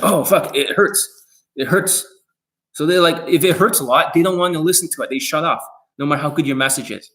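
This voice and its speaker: Man, slightly high voice, aggressive, profane, livestream coaching talk. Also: pushed and bright. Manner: blunt, aggressive, swearing, addresses viewers directly. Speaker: dating coach.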